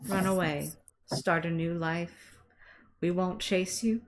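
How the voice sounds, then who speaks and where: A woman player speaking in character, calm and persuasive. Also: lowish voice, takes it slowly. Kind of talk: in-character tabletop play.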